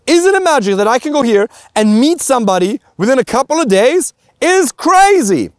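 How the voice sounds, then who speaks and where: A man's voice: very high voice, very animated, moderate pace, no room sound, studio quality. Blunt German-accented male dating coach. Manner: blunt, emphatic, swears casually, rhetorical questions. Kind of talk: direct-to-camera coaching monologue.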